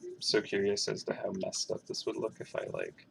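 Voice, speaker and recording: A man's voice: lowish voice, wildly swooping pitch, brisk, vocal fry, slight background noise. A man who is a game artist, thinking aloud in a musing, self-questioning way as he draws on a livestream. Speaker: game artist streaming his work.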